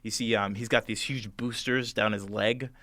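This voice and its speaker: A man narrating a tabletop game as game master, halting with many fillers. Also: on the low side, fairly even intonation, sharp tone, dry recording.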